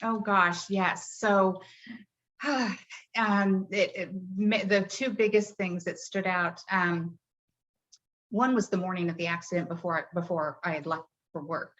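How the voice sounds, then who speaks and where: A middle-aged woman, a grief coach, talking in a soft, heartfelt way with many hesitations in a podcast interview. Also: fairly low pitch, fairly even intonation, slow pace. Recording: dull lo-fi audio.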